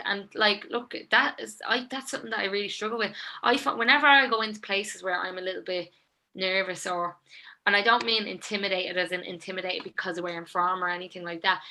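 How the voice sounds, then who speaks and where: Bright-voiced Dublin woman, chatty. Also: medium pitch. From Ireland. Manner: chatty, rambling, lots of fillers. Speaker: songwriter and guest. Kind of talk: casual interview chat.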